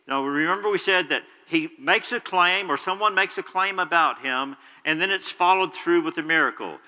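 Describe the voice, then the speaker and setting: Earnest male preacher, bright and forceful, fairly high voice, long reverb in a church hall. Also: normal speed. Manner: earnest, explanatory, retelling scripture in his own words. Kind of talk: sermon.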